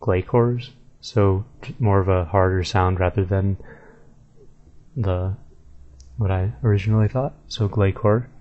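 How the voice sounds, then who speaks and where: A man's voice: low-pitched, fairly even intonation, a little slow, long pauses, dull audio, slight background noise. A man talking casually to his viewers, easygoing and thinking aloud with fillers and self-corrections. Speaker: video creator. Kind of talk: casual commentary video.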